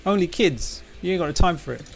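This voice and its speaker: A middle-aged man, slangy and self-mocking, commenting as he plays a fighting game. His voice swings up and down in a lively way as he grumbles, with faint music underneath. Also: high voice, fast, gravelly. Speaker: game streamer. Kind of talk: casual gameplay commentary.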